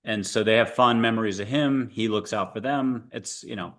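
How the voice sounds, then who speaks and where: A man's voice: fairly low pitch, normal speed, a bit bright. A man in his fifties hosting a spiritual interview podcast, talking casually and rambling with many fillers and restarts. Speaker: podcast host.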